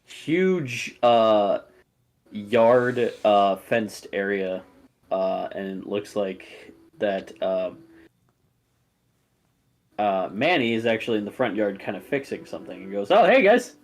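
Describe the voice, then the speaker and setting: Young guy dm, kinda low voice, laid back and filler-heavy, laughs a lot. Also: slow pace. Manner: relaxed, frequent fillers, laughs easily. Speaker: game master. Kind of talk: narrating a tabletop game.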